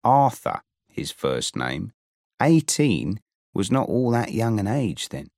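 A man narrating a novel in the first person, unhurried and full of invented slang. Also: on the low side, very animated, creaky, darkish tone, dry recording, studio quality. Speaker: audiobook narrator.

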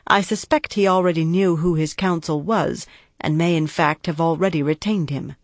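A woman reading the lines of a cautious female prosecutor in an audiobook, deliberate and precise. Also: sits low, no echo. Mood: cautioning. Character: guarded, measured female prosecutor, middle-aged.

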